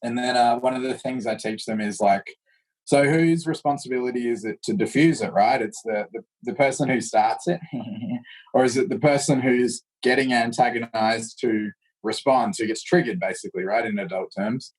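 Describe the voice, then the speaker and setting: A man of medium pitch and moderate pace recounts stories during a casual interview, acting out the voices of people he quotes with animated flair. He is an Australian martial arts instructor, and the recording quality is low.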